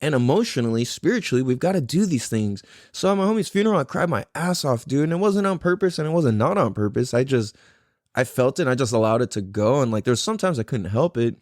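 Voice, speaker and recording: A man in his thirties tells stories on his podcast in a loose, rambling way, cursing freely and circling back when he loses his point. His pitch swings widely as he talks, and the sound is dry and close. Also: expressive, fast, a little mellow, no echo. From California. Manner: rambling, swears a lot, loses his thread. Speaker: podcast host. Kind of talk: casual storytelling.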